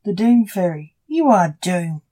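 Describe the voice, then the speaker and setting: A woman voicing a grim male necromancer, a stern and protective father, in a low, measured delivery. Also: very animated, mellow.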